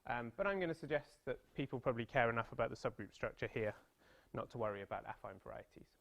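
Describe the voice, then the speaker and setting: A man's voice: medium pitch, animated, fast talker, gravelly, muffled recording. A British man in his thirties giving a mathematics seminar talk, chatty and self-deprecating, with playful storytelling asides. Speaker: mathematics lecturer. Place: seminar room.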